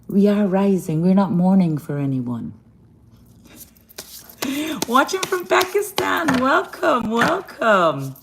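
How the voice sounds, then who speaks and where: A woman's voice: mid-range voice, sing-song, slow pace, pauses often, noisy background. A woman giving an affectionate live-stream card reading from a hotel room, greeting viewers as darling and baby and laughing often. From Guyana.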